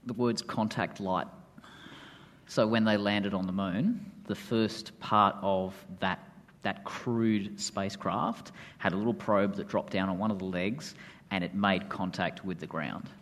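A man's voice: lowish voice, fairly even intonation, unhurried. A man co-hosting a podcast and speaking at an event, earnest and chatty. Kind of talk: casual chat.

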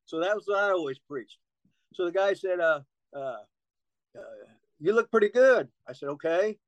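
A man's voice: fairly high pitch, moderate pace, dry recording, muffled recording. A man telling rambling, profane stories as a guest in a casual interview, laughing often.

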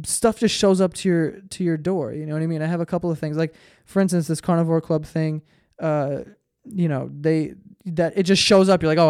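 A young man in his twenties hosts a solo podcast and rambles through his stories, swearing often and breaking off mid-sentence. He sounds tired. His voice is a little high, smooth and clear, recorded dry and close. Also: a little mellow, no echo. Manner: rambling, profane, self-interrupting storytelling. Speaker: podcast host. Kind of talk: solo casual podcast monologue.

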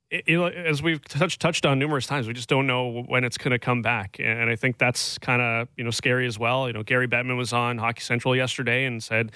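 A man's voice: medium pitch, sharp tone, dry recording. A man hosting a sports radio show, chatting casually with many fillers and asides. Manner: rambling, filler-heavy, jokey.

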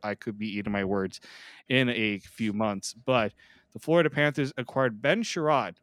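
A man's voice: on the low side, normal speed, a bit bright, no echo. A man hosting a daily hockey podcast, chatting casually and joking with his co-host. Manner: chatty, jokey, self-deprecating. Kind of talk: casual sports podcast chat.

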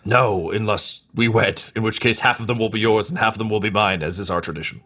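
A man's voice: lowish voice, fairly even intonation, fast talker, pushed and bright. A man voicing a flirtatious, boastful alien male hunter who speaks in a grandly formal way. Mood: formal courting.

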